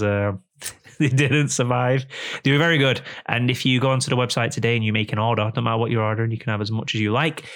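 Sitting face to face with a guest indoors, a podcast host rambles through a sponsor read with plenty of jokes, all part of a casual chat. He has a medium-pitched, slightly bright voice.

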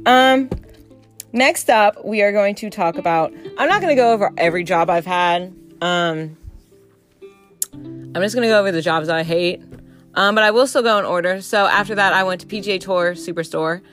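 A woman's voice: fairly low pitch, a little fast, a bit bright, soft background music. A woman in her twenties from the Southern United States, telling candid stories straight to camera in a blunt, profane, casual way. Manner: acts out quoted customers and coworkers. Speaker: vlogger. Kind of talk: casual storytime monologue.

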